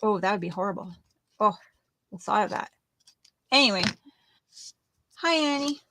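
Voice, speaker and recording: A woman's voice: mid-range voice, lively intonation, normal speed, noisy background. A middle-aged woman co-hosting a casual crafting chat, telling rambling stories as she works. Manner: chatty, rambling storyteller. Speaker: co-host.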